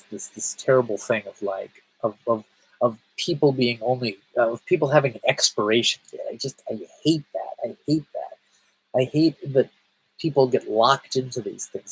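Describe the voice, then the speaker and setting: Husky-voiced man rambling on a stream. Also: mid-range voice, low-quality recording. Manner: rambling, stammers and restarts often; chats with viewers, reading their comments. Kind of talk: casual livestream chat.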